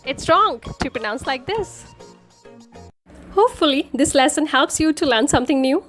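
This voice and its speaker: A woman with a high, lively voice narrating a scripted pronunciation lesson. She explains each word slowly and deliberately, with faint music playing under the voice-over. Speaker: English pronunciation teacher.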